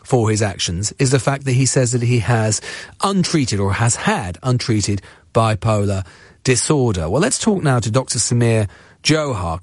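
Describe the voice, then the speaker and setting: A man's voice: mid-range voice, slightly rough, no echo. Male talk radio host, argumentative, restarts a lot, dry close studio mic. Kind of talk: opinionated talk radio commentary. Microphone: studio microphone.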